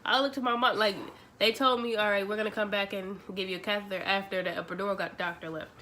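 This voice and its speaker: A young woman, telling a story to her vlog audience in a chatty, animated way, acting out the dialogue. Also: medium pitch, quick pace, a little hiss or hum. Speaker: vlogger. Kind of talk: casual storytelling.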